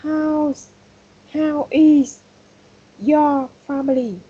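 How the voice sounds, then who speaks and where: A woman's voice: high voice, steady tone, very slow, dark tone, lo-fi sound. A woman learning English who answers exercises hesitantly, one word at a time. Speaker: language student.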